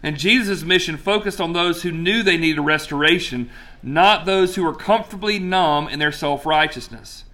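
A man preaching a sermon in a bright, forceful voice that sits a bit high. He talks conversationally, telling the story with quick asides and questions to the room.

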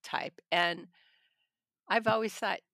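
A woman's voice: mid-range voice, steady tone, slow, fairly bright tone, dry recording, studio quality. A middle-aged woman, a trial attorney, telling blunt stories in a casual podcast conversation and laughing often.

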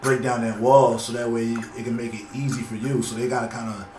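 A man's voice: mid-range voice, flat delivery, fairly quick, darkish tone, slight background noise. A man chatting casually in a laid-back, slangy way. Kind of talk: casual chat. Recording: roomy, distant mic, faint music.

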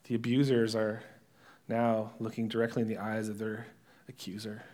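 A male pastor preaching a sermon, retelling a story dramatically and dropping to hushed whispers at its emotional moments. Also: lowish voice, level tone, normal speed.

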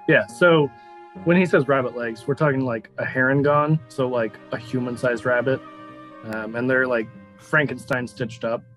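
A man narrating as game master of a tabletop game, relaxed and laughing often, slowing down to describe scenes. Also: mid-range voice, faint music behind, poor audio.

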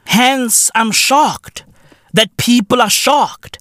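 A man hosting a podcast, ranting in a loud, profane, mocking way. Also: very high-pitched, extremely slow, no echo, clean studio sound. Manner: loud, profane, mocking, often breaks into shouts and laughs. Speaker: podcast host. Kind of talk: comedic podcast rant.

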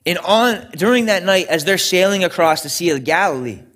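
A man's voice: high-pitched, expressive, normal speed, fairly bright tone. A young adult man, a pastor, preaching a sermon in an earnest storytelling way with frequent restarts.

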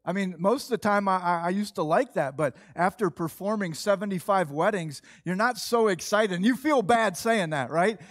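A middle-aged male pastor, giving a conversational, earnest sermon with slow emphatic phrases. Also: high voice.

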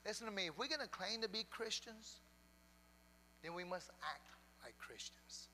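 A man's voice: high-pitched, normal speed, bright, forceful tone, a little hiss or hum. A man pastor preaching a sermon in a church, telling a folksy story and urging the congregation on. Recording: long reverb in a church hall.

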